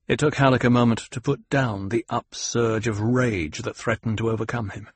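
Husky-voiced male audiobook narrator. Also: medium pitch, steady tone, normal speed, few pauses, no echo. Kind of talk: scripted narration.

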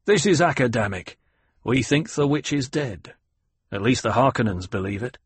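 Man doing a shrewd smuggler boss, a touch higher than his narration, husky and dry. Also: animated, moderate pace, dry recording. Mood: guarded. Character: shrewd cautious male smuggler chief.

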